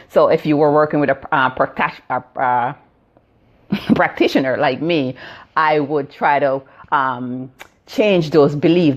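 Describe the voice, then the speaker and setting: A woman's voice: sits low, dull audio. A Jamaican woman in her fifties, a healing practitioner explaining ideas on a phone live stream, with many fillers and "right?" check-ins. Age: 50s. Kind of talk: live-stream teaching talk.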